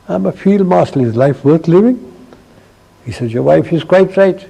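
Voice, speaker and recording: A man's voice: fairly high pitch, lively intonation, normal speed, gravelly, mellow, slightly rough, rough recording. An older man, a retired army chief telling wry anecdotes in an interview and acting out the dialogue. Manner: wry, jocular, acts out dialogue.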